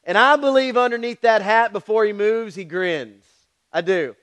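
Male preacher, high, smooth and resonant voice, storytelling sermon full of asides to the congregation. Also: moderate pace, a bit bright. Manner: storytelling with frequent "all right?" asides to the congregation; acts out voices in his stories. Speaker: pastor.

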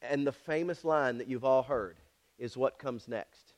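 A man's voice: medium pitch, normal speed. A man preaching a sermon dramatically, repeating lines for emphasis and turning to the congregation with asides. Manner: dramatic, swings from shouts to near whispers.

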